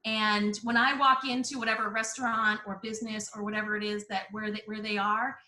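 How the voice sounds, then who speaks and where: A woman who is a podcast guest, talking in an earnest, casual way with many pauses. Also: mid-range voice, level tone, bright, forceful tone, reverberant, poor audio. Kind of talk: casual interview chat.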